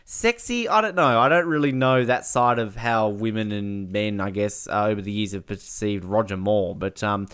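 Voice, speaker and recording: A man's voice: fairly low pitch, normal speed, few pauses, fairly bright tone, smooth. A man co-hosting a podcast in casual chat, rambling and laughing often. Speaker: podcast co-host.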